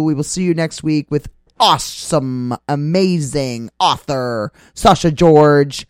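A man's voice: a little high, takes it slowly, hardly any pauses, smooth, no echo, clean studio sound. A man hosting a casual talk radio show, rambling with many fillers as he reads out upcoming gig listings.

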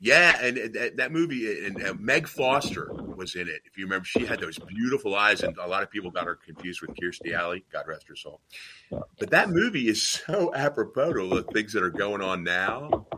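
A middle-aged man from Tennessee telling rambling, animated anecdotes in casual chat, with many fillers and restarts. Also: lowish voice, moderate pace, noisy background.

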